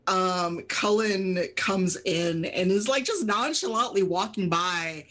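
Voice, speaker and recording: A woman's voice: on the low side, slow, a bit bright. A woman narrating as game master of a tabletop game, chatty and full of fillers.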